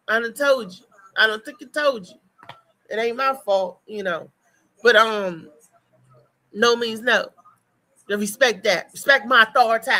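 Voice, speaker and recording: The poorly recorded voice of a morning talk show host is fairly high and sharp. She speaks directly to listeners in a casual, blunt chat, hammering her points through repetition and cursing without restraint.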